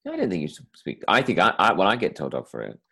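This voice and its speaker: Deep-voiced, lively rambling man. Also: fast talker, vocal fry, breathy edge. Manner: rambling, animated, lots of fillers and restarts. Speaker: comedian guest. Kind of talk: casual conversation.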